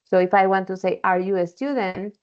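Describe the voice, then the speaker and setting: A woman's voice: mid-range voice, fairly quick, darkish tone, clean tone. Woman teaching, checking in with "okay?". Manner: explains patiently, often checking with "okay?". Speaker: English teacher. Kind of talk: online class instruction. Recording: dull lo-fi call audio.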